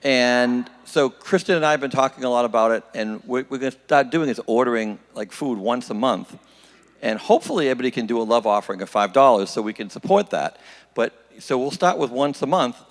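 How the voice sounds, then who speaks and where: A man gives casual church announcements in a middle-pitched voice. He speaks haltingly, with frequent fillers. A long reverb fills the church hall around him.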